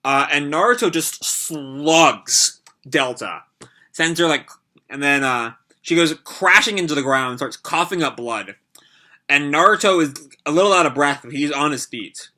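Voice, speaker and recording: Bright-voiced young man reacting to manga. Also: a little high, expressive, unhurried. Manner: rambling, with lots of "like" and "uh". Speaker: anime reaction host. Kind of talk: casual live reading and reaction.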